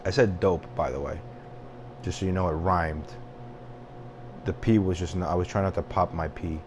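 A man's voice: low-pitched, steady tone, moderate pace, background noise. A young man hosting a solo podcast, rambling and venting casually with frequent swearing and self-deprecating asides. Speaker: podcast host.

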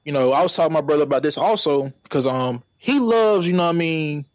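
A man's voice: a little high, fast, no room sound. Rambling man on dull, dry audio. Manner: rambling, repeats "you know what I mean". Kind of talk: casual chat.

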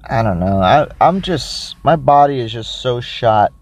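A man hosting a casual solo podcast who rambles, thinks out loud and makes crude, self-mocking jokes while reviewing a drink. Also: mid-range voice, lively intonation, measured pace. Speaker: podcast host.

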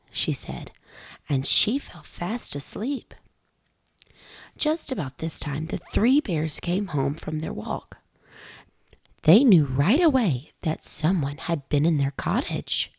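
A woman, a mother, reading a children's storybook aloud with a gentle, lively storytelling cadence, close and dry. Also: on the low side, measured pace, vocal fry, breathy edge, dry recording.

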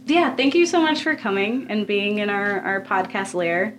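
A woman's voice: mid-range voice, expressive, normal speed, a little hiss or hum. A woman hosting a podcast from a home basement, talking casually and laughing often between her phrases. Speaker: podcast host. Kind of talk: casual chat.

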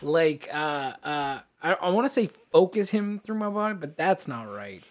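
Thirties dude rambling on a podcast, laughs a lot, voice swings up and down. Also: male voice, a little high, big pitch swings, normal speed. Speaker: podcast co-host. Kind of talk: casual chat.

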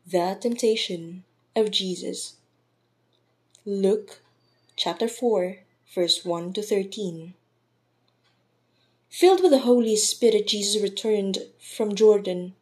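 A woman reading the Sunday scripture passages in a measured, deliberate, formal way. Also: mid-range voice, darkish tone. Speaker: scripture reader.

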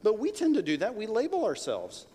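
A man's voice: high-pitched, wildly swooping pitch, fairly quick, warm tone, slightly rough. Man preaching in a reverberant hall. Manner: conversational preaching with emphatic rises. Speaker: pastor. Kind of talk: sermon. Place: church sanctuary. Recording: long reverb of a large hall.

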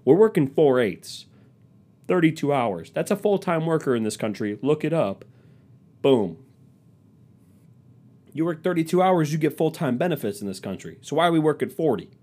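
A man with a fairly high voice hosts a casual solo podcast, his pitch swinging widely at a normal pace with long pauses and a slightly mellow tone. He rants profanely and sarcastically, mocking people by quoting them.

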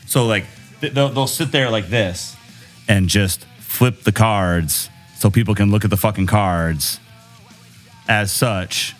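A man's voice: on the low side, slow, soft background music. A man in casual chat about baseball card collecting, explaining at length with many restarts.

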